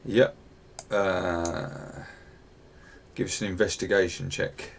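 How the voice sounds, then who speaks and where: A man's voice: sits low, little pitch movement, slow, creaky, slight background noise. A man running a tabletop game as game master, easygoing and a little hesitant, filling gaps with "uh".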